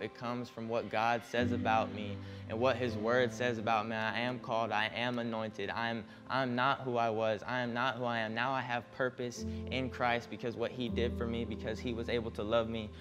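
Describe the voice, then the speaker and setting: A man giving a personal church testimony, earnest and passionate, often repeating words as he searches for them. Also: mid-range voice.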